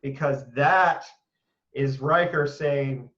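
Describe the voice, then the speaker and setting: A man hosting a casual panel discussion, talking in an animated, emphatic way with quick asides. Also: mid-range voice, reverberant, far from the mic, muffled recording. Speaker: podcast host.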